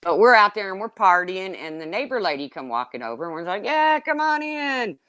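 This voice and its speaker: Woman, casual storyteller, salty and animated, dry close sound. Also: fast, no room sound. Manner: lively, swearing, jumps between high exclaims and low asides. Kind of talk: casual chat.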